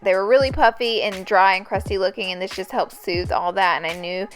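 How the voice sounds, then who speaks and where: A woman's voice: medium pitch, fairly even intonation, a little fast, soft background music. A young woman chatting through a casual makeup tutorial, bubbly and gushing as she talks. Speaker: beauty YouTuber.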